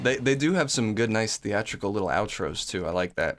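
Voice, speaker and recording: A man's voice: on the low side, animated, a little fast. A man hosting a music reaction video, talking casually and enthusiastically, thinking aloud with many restarts. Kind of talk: casual rambling reaction talk.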